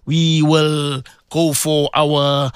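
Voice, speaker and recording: A man's voice: on the high side, little pitch movement, extremely slow, smooth, no room sound, clean studio sound. A man preaching on morning radio, speaking with passion, repeating rhetorical questions and letting his voice surge up and down. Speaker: radio presenter giving Islamic teaching.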